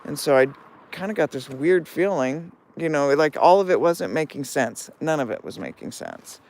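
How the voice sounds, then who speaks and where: A man on a late-night walk outdoors, telling a story in a casual, animated way, swearing freely and laughing, recorded on a phone. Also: on the high side, moderate pace. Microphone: phone held while walking.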